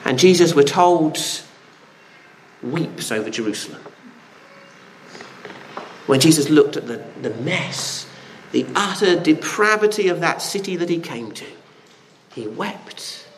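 A man's voice: fairly high pitch, animated, unhurried, pauses often, a little hiss or hum. A man preaching a sermon, earnest, with rhetorical questions and frequent restarts. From Britain.

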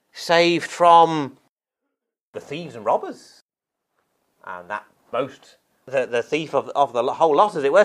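Expressive male preacher. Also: on the high side. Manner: expressive delivery, stressing key words. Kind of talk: sermon.

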